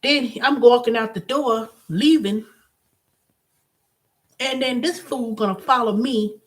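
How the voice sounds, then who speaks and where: A woman hosting her own channel, telling a story in a casual, animated monologue with blunt, profane language. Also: a little high, slow pace. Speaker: host.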